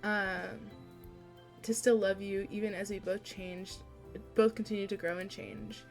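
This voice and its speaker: A young woman streamer reading a romance visual novel aloud, soft and unhurried, with frequent fillers and light laughs. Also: medium pitch, fairly even intonation, creaky, faint music behind.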